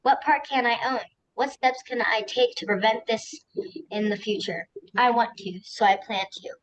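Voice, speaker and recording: A young woman student reading a list of questions aloud in class, careful and a little halting. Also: on the high side, steady tone, highs cut off, slight background noise.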